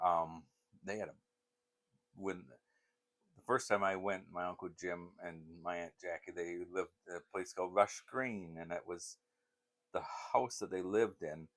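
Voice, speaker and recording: An older man hosting his channel, telling rambling, meandering stories with frequent restarts and laughter. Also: sits low. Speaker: channel host. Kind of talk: casual rambling storytelling.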